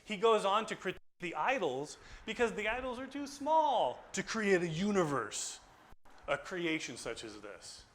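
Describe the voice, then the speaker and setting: A man lecturing a small group on philosophy in a casual, animated way, acting out conversations as he tells stories. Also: sits high, normal speed. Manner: animated storytelling, acts out dialogue. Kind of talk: informal classroom lecture. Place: small group gathering indoors.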